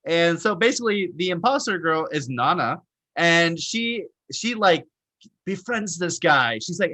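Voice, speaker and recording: A man co-hosting a casual chat, recapping stories in a quick, animated way. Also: on the high side, no room sound. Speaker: co-host.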